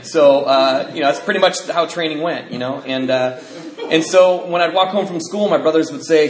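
A man's voice: fairly high pitch, moderate pace, echoey room, low-quality recording. A man sharing a personal testimony, telling the story of his life candidly, with fillers and nervous laughs.

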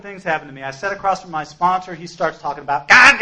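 A man's voice: fairly high pitch, fast talker, few pauses. A man telling his own recovery story to a group, acting out conversations with humor and self-mockery. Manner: animated storyteller, acts out dialogue, self-deprecating. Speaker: speaker sharing recovery story. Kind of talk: personal testimony talk.

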